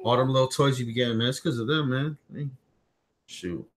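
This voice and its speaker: Rambling, chatty livestream host. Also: male voice, medium pitch, brisk, heavy background noise. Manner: rambling, repeats himself, talks to his small son on stream. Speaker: tech channel host. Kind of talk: casual livestream chat. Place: at home.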